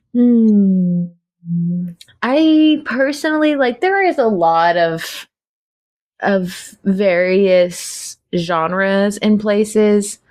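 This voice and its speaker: A woman hosting a podcast, interviewing an author and agreeing readily. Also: mid-range voice. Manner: warm, agreeable, frequent affirming murmurs. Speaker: podcast host.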